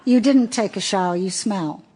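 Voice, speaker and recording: A woman's voice: mid-range voice, normal speed, dark tone, husky, lightly acted. A woman voicing a tired, slightly drunk mother, talking in a weary, soothing way. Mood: teasing. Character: tired, tipsy young mother.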